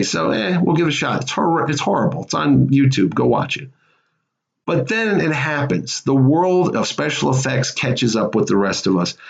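A middle-aged man who works as a comics artist tells a personal story in an animated, excitable way, jumping his pitch up for emphasis. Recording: slightly dull recording.

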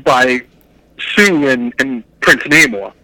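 A man co-hosting a casual podcast, telling comic book stories in an excitable, animated way. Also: medium pitch, slow, no echo, rough recording. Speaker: podcast co-host.

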